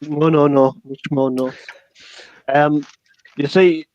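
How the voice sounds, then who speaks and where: A man's voice: on the high side, flat delivery, slow, a little mellow, highs cut off, a little hiss or hum. A man with a Geordie accent from North East England chatting casually, hesitant and full of restarts. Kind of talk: casual chat.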